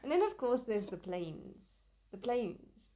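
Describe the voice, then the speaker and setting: A woman's voice: a little high, big pitch swings, slow, mellow, a little hiss or hum. A woman book editor chats on a podcast with open enthusiasm. She gushes and lingers over the parts she adores, in an easygoing, conversational manner. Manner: gushing and enthusiastic. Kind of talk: casual podcast book chat.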